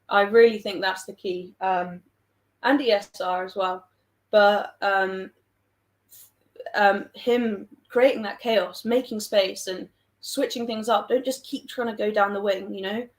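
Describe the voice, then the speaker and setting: Young woman, southern English accent, mid-pitched, chatty livestream host who rambles and jokes at her own expense. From England. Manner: chatty, rambling, self-deprecating, reads out viewer comments. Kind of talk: casual livestream chat.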